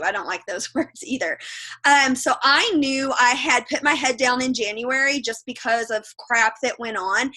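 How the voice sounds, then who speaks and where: A woman's voice: on the high side, pushed and bright. A woman leading her sales team on a video call, giving a blunt, emphatic motivational talk.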